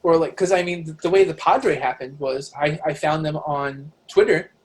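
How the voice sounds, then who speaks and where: A middle-aged man telling stories as a guest on a podcast, animated and talkative, swearing casually. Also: on the high side, moderate pace, slight background noise. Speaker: podcast guest, author and professor. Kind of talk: casual interview storytelling.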